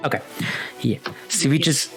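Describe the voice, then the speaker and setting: A young man runs a tabletop game at a middle pitch, narrating the scene in halting bursts with plenty of "uh" and "like". Soft music plays faintly behind him. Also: animated. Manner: halting, many fillers, chuckles. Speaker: game master.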